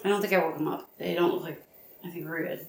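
A woman's voice: fairly low pitch, steady tone, fast talker, gravelly, a little mellow. A young adult woman co-hosting a podcast, teasing and persistent as she calls her partner out. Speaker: podcast co-host. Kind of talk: casual bickering chat. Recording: roomy home recording, faint hiss.

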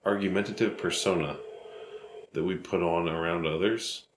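A young adult man co-hosting a podcast, bickering casually, sarcastic and defensive in quick bursts. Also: low-pitched, steady tone. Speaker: podcast co-host. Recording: roomy home recording, faint hiss.

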